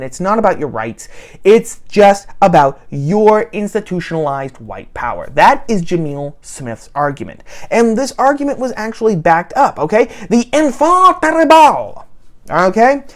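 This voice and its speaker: A man hosting a solo political commentary show, sarcastic and animated, often turning to the listener with "okay?". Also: high voice.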